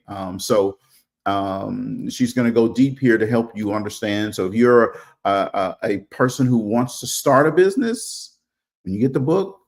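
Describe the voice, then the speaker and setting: A man from Louisiana co-hosting a casual livestream chat over a video call, relaxed and talking with fillers. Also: mid-range voice. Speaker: co-host and co-author.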